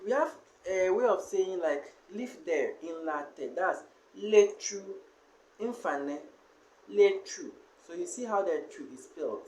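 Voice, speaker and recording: A man teaching a language lesson, slowly sounding out and repeating each syllable and word. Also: high voice, expressive. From Ghana. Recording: echoey room.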